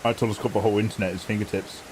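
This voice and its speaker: A man's voice: on the low side, little pitch movement, very fast, a little hiss or hum, rough recording. A man chatting casually with viewers during a live game stream, playful and joking with a lot of laughter. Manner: playful, jokey, laughing often, hamming up mangled French. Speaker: game livestreamer.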